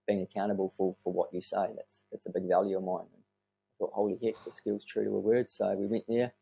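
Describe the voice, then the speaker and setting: A man, telling his story as a podcast guest in an earnest, animated way and swearing casually. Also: fairly low pitch, vocal fry, husky. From New Zealand.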